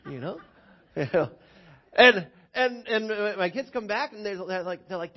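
Male pastor with a high voice, preaching an animated sermon with stumbling repeats, recorded lo-fi. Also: unhurried. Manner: animated storytelling with many repeated words. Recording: dull lo-fi recording.

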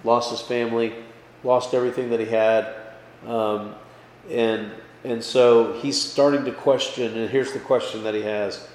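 In a roomy hall where a long reverb trails every phrase, a pastor with an ordinary mid-pitched voice teaches Bible study conversationally and without hurry. He's lively, often checks in with "okay?" and "right?", and punches key words upward, over a faint hum of background noise.

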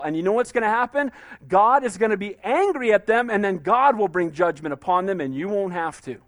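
Man, pastor, sermon, very high voice, conversational, dry close sound. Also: fairly bright tone, dry recording. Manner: conversational preaching, asks "Amen?" often, acts out quotes.

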